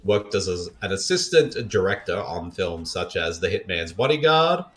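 Casting: low, lively-pitched man, joking podcast co-host sharing film trivia. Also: normal speed. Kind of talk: casual film chat.

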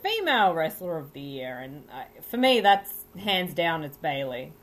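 A woman co-hosting a casual wrestling podcast, pausing often with "um". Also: low voice, very animated. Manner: hesitant, many "um"s. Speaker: podcast co-host. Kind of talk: casual chat.

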